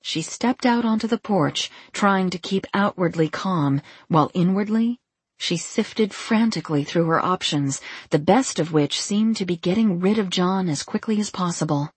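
Woman reading a novel, lowish breathy voice, dry close sound. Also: normal speed, no echo. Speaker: narrator. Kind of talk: scripted narration.

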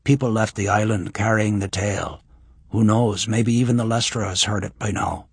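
A man voicing a blunt, gruff dark-haired man in an audiobook, speaking curtly. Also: lowish voice, steady tone, normal speed, no room sound. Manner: blunt, curt.

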